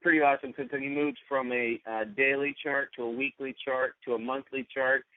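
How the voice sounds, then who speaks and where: This podcast co-host speaks fairly quickly at a medium pitch with little movement in his intonation. He rambles casually, frequently interrupting himself mid-sentence, and the audio is tinny like a phone with no room sound.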